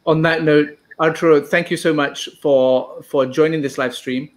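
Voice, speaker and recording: A man hosts a live-streamed interview, posing calm, measured questions and politely thanking his guest. His voice sits a little higher than usual.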